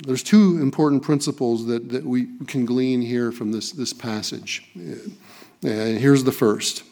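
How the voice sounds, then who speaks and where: A man's voice: medium pitch, a little slow, warm tone. A man preaching a sermon, reading scripture and stressing key phrases by repeating them. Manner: emphatic, repeats key phrases, occasional restarts.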